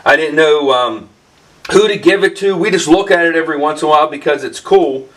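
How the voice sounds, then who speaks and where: A man imitating an excitable, wiry male shop owner in a higher, hurried voice while telling a story. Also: distant mic, rough recording. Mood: excited.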